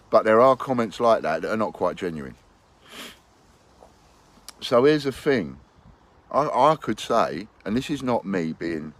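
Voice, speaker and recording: Man, low voice; blunt, rambling monologue to investors. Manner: blunt and rambling, with hypothetical quotes. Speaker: business owner addressing investors. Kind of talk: unscripted monologue to camera.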